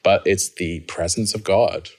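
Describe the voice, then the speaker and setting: A man telling his personal story as an interview guest, reflective and quick to laugh. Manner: reflective, laughs often, rises high when excited.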